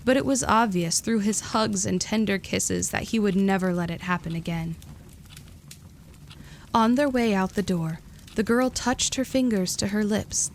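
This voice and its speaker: A woman reads a storybook aloud in a calm, steady voice of middle pitch. Her narration is even and unhurried, with a faint hiss of noise underneath.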